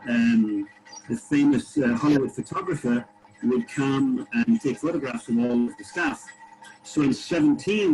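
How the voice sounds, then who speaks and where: A man at an ordinary middle pitch tells a long winery story on a video call. He speaks from outdoors in a vineyard. He rambles, with frequent fillers and restarts. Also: darkish tone, rough recording. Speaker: winery panelist. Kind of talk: casual video-call chat. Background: tractor passing.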